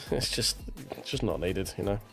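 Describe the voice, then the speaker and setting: Brief: millennial male streamer, low voice, blunt and profane ranting, faint background music. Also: lively intonation, unhurried, vocal fry, a bit bright. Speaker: sim racing streamer. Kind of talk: casual ranting chat.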